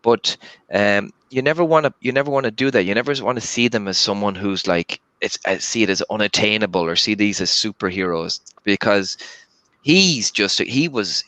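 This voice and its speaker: A man speaking over a video call in a halting, earnest way, with many restarts. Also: on the low side, pushed and bright, no room sound. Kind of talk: casual chat.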